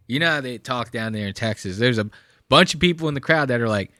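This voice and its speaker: Young man, podcast host, casual rambling commentary, cursing a lot, bright tone, dry close sound. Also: medium pitch, fast, dry recording. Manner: profane, rambling.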